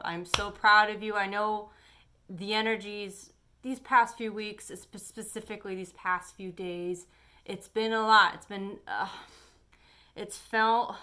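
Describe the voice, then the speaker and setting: A woman's voice: mid-range voice, bright, forceful tone. A woman tarot reader giving a chatty, encouraging weekly energy forecast to her camera. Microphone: camera on her face.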